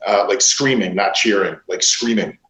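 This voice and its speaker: A man, a pro wrestler guest, telling stories casually, swearing a lot and filling pauses with "uh". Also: fairly low pitch, fairly bright tone. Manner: profane, rambling with many fillers. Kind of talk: casual interview storytelling. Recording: roomy echo.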